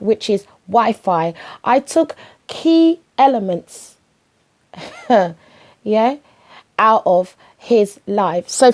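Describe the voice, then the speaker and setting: A woman with a British accent hosting a podcast, telling a comedic story in an animated, slangy way, full of rapid asides. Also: medium pitch. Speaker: podcast host.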